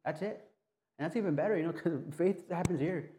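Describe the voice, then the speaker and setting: Man, pastor type, fairly high but warm and mellow voice; loose, conversational sermon delivery with restarts. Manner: casual, halting, frequent restarts and "right?".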